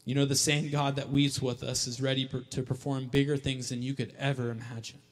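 A male pastor preaching a sermon emphatically, repeating key lines and building to loud calls. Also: medium pitch, flat delivery, brisk. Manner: emphatic, repeats lines for effect, rising to shouts. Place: church hall. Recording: long hall reverb.

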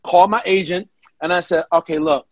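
A man's voice: high voice, a little fast, no echo, dull audio. A man, a guest comedian, telling a story in casual chat and acting out the people he quotes. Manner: animated, acts out quoted voices.

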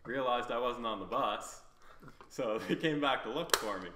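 A man's voice: mid-range voice, normal speed. A young man telling a rambling, laughing story in casual chat, swearing often. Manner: rambling, laughing, heavy swearing, quotes himself. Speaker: podcast guest. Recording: echoey room, background noise.

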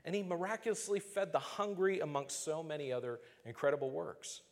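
A man preaching a sermon as pastor, earnest and measured, slowing down to stress key phrases. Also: a little high, steady tone, big-room sound.

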